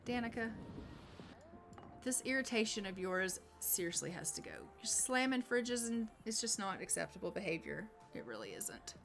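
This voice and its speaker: A woman's voice: fairly high pitch, expressive, moderate pace, vocal fry, a bit bright. A woman hosting casual gameplay commentary, chatty and full of fillers like "like" and "um". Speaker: gaming channel host. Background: faint game music.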